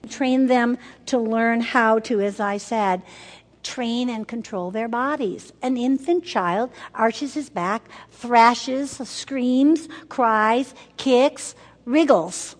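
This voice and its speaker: A woman's voice: fairly high pitch, slow pace. Older woman teaching mothers in a hall. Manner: emphatic, repeats words for effect, asks the audience questions. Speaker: women's ministry speaker. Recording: long hall reverb.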